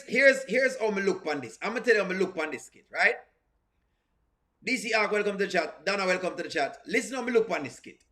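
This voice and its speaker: A reaction channel host with a strong non-standard English accent speaks in a high-pitched, sharp voice. On his live stream he comments animatedly on skits, repeats his points, and greets his chat.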